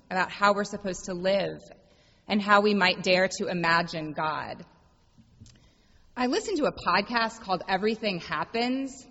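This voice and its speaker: Lower-voiced woman preaching in a reverberant hall. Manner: reflective, gentle storytelling with slow emphatic refrains. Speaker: pastor. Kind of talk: sermon. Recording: dull lo-fi sound with long hall reverb.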